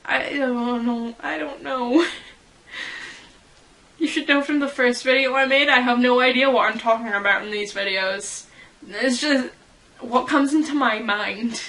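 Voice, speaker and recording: Young woman, fan vlogger, slow giggly ramble, bright tone. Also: a little high, low-quality recording. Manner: giggly, rambling, self-deprecating. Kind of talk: casual chat.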